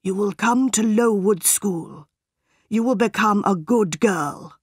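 A cruel, towering schoolmaster, read by a woman, delivers his judgements slowly and solemnly in a lowered, threatening tone. The storybook voice sits close and dry, with no room around it. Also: breathy edge, no room sound. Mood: accusing. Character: cruel stern tall male schoolmaster.

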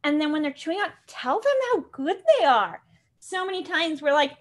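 A woman's voice: sits high, normal speed, a bit bright. A young adult woman dog trainer teaching an online class, chatty and upbeat, explaining step by step.

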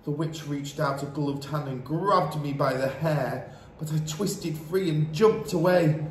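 A man's voice: fairly high pitch, unhurried. A man reading a children's book aloud as storyteller, narrating with dramatic expression. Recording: roomy echo, faint hiss.

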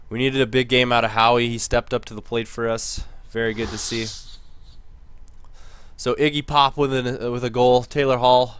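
A gaming commentator talks casually over a hockey video game he's playing, muttering low between plays and getting louder when he cheers. The recording is smooth and dry.

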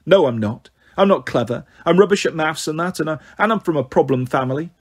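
Hurt defiant little schoolgirl, as a male reader puts her on, snapping back, a bit husky, pitched a touch high. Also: animated, a little fast. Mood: anxious. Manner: hurt, sharp retorts. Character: upset defiant young schoolgirl.

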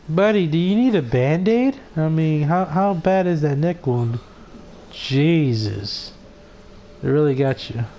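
A man giving excitable, laugh-filled let's play commentary, swearing freely as he reacts to the game. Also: a little high, slow pace, pauses often, a little hiss or hum. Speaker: gaming commentator.

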